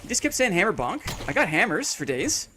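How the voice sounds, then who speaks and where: A man's voice: high-pitched, sing-song, brisk, background noise. A man from Canada, streaming a game live and chatting with his viewers in a goofy, joking way. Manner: goofy, jokey, chatty with chat.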